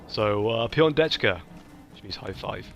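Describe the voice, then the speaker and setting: A man's voice: medium pitch, normal speed, fairly bright tone, lo-fi sound, faint music behind. A man, casually commenting on his gameplay with playful asides. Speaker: let's play host.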